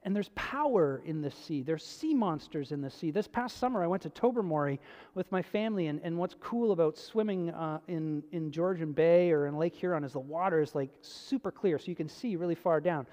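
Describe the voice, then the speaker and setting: A pastor preaching a sermon in a conversational way, swinging between emphatic stretches and hushed, low passages. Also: fairly quick. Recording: long hall reverb.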